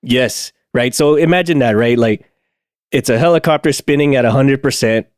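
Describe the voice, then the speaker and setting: Here an aircraft maintenance technician co-hosting a laid-back podcast tells a shop war story, laughing often and stumbling through many fillers and restarts. His pitch is medium and his speed normal, and the studio-quality recording has no echo.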